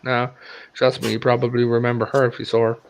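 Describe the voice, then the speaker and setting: A man's voice: mid-range voice, quick pace. An Irish man hosting a casual chat, telling stories with lots of laughter. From Republic of Ireland. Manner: animated storyteller, laughs often. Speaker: podcast host.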